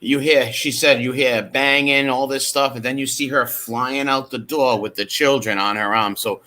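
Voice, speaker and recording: A man streaming, commenting on footage in a casual, excitable way and swearing freely. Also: medium pitch, moderate pace.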